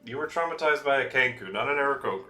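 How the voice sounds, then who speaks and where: Bright-voiced casual male game master. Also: mid-range voice, fast talker, soft background music. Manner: loose, laughing, full of fillers. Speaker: dungeon master. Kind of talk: narrating a tabletop game.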